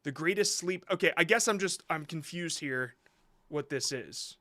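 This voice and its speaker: A man hosting a live stream, reviewing short videos sent in by viewers. His voice is slightly high and very bright. He rambles in a casual way, thinks aloud and reassures his viewers as he goes. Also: expressive, moderate pace.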